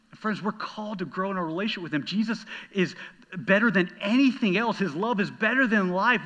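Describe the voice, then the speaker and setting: Bright-voiced animated male pastor. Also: high voice, muffled recording. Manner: animated storytelling, talking straight to the congregation. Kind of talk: sermon.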